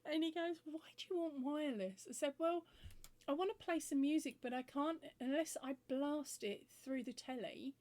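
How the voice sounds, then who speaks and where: Lady chatting away on her craft vlog, bit high voice, lots of giggles, plays out the convos. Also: normal speed. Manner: animated, giggly, acts out both sides of conversations. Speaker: crochet vlogger.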